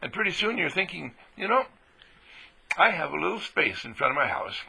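A man giving an exuberant motivational talk on radio, swinging between hushed and loud and laughing often. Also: a little high, sing-song, fast, vocal fry, slightly rough. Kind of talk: animated motivational monologue.

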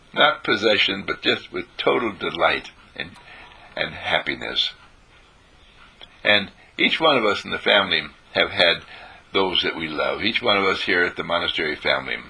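A man giving an informal spiritual talk, telling stories and repeating phrases for emphasis, clearing his throat now and then. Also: low voice, animated, moderate pace, pushed and bright.

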